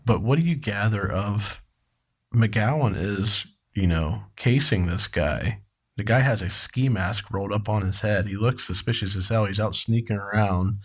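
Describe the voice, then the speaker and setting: A man's voice: fairly low pitch, a little slow, slightly rough. A man co-hosting a true crime podcast, reading the case steadily and asking his co-host pointed questions.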